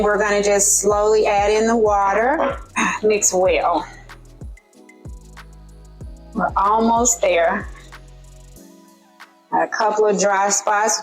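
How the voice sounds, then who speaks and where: A woman's voice: mid-range voice, poor audio. Southern woman, cooking channel host, casual chatty demo, home kitchen, faint music underneath. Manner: chatty, addresses viewers as guys, frequent okays.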